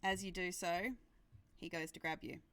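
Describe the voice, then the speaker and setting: A woman narrating a tabletop game as game master, describing combat in slow, dramatic turns. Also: lowish voice, level tone, fairly bright tone, clear, resonant tone.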